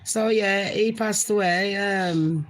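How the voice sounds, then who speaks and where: A woman's voice: mid-range voice, slow pace, a little hiss or hum, poor audio. A woman hosting a casual gossip live stream, chatting with viewers and swearing now and then. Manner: chatty, swears, talks to viewers as honey pot. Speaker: gossip channel host.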